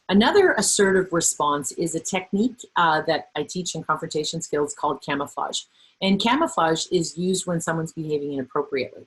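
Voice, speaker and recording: A middle-aged woman trainer presenting a workplace webinar, animated and acting out the voices she quotes. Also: deep voice, breathy edge, poor audio.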